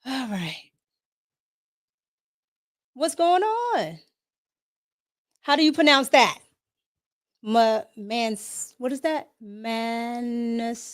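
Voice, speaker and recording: A woman's voice: sits high, big pitch swings, very slow, pauses often. A woman with a Washington D.C. accent hosting a live podcast, chatting casually, greeting viewers by name and laughing often. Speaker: podcast host. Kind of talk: casual livestream chat.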